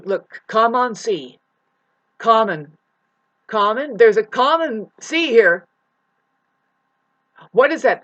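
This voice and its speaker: Bright sharp voice, swearing spiritual rant, yells then mutters, lecturing you. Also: medium pitch. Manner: profane, swinging between shouting and muttering; preachy, lecturing the listener. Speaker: self-styled spiritual teacher. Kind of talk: ranting spiritual monologue.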